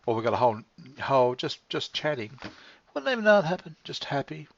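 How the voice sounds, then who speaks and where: A man rambling easily through a casual monologue, unhurried and loose, dropping the odd swear word with a chuckle. His voice sits at an ordinary middle pitch. The recording is dry and a bit dull, like a cheap home mic. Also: sing-song, creaky. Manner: meandering, laid-back, swears casually, chuckles. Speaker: vlogger. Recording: dry, slightly dull lo-fi sound.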